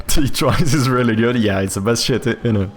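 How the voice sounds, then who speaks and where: A man's voice: medium pitch, normal speed, husky, soft background music. A Swedish man whose English leans toward a British accent, chatting casually on a livestream with lots of fillers and restarts. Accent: Swedish speaker leaning toward a British accent. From Sweden. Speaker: streamer. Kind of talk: casual livestream chat, reading and answering chat.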